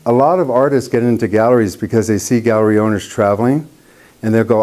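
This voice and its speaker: A man's voice: lowish voice, fairly even intonation, fast, warm tone. Chatty man teaching a painting class. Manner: chatty storyteller, acts out quoted voices. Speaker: painting instructor. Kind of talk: casual workshop teaching.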